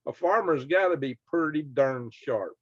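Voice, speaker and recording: A man's voice: a little high, animated, moderate pace, no room sound. Southern guy hosting a chat, folksy and emphatic, dry dull audio. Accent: Southern American. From Southern United States. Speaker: podcast host. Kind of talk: casual conversation.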